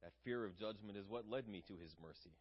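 A man's voice: lowish voice, fast, lo-fi sound. A man preaching a sermon in an earnest, conversational way, asking his listeners questions.

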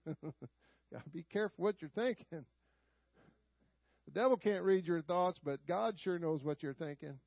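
A man's voice: on the high side, a little slow, vocal fry, long pauses, no echo, highs cut off. A man with a Southern drawl, preaching a folksy sermon and calling out "Amen?" to the congregation.

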